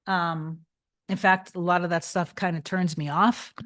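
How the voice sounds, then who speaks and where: Chatty woman with a lowish voice, rambling. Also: flat delivery, measured pace. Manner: chatty, rambling, with many restarts and fillers; soft and reassuring. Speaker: manifestation coach answering live chat. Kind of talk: casual livestream chat.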